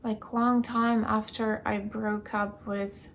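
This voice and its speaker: A young woman keeping a video diary, recounting a dream in a hesitant way, searching for words and filling pauses with "like". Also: medium pitch, level tone. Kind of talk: casual personal storytelling.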